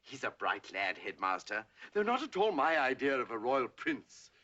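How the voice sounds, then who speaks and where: A man's voice: mid-range voice, sing-song, normal speed, bright, forceful tone. An actor playing a timid, fussy male assistant headmaster in a 1960 British film comedy, speaking in a deferential manner. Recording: dull old film soundtrack.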